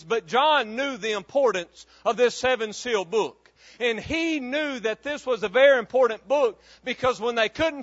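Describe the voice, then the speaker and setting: A man's voice: extremely high pitch, a bit bright, no room sound, lo-fi sound. A man preaching a fervent, emphatic sermon full of repetition.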